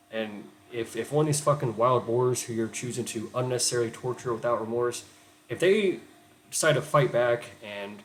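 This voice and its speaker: A man's voice: medium pitch, a little hiss or hum, low-quality recording. Heated man ranting with profanity. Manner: heated, profane, repetitive "okay?". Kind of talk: angry rant.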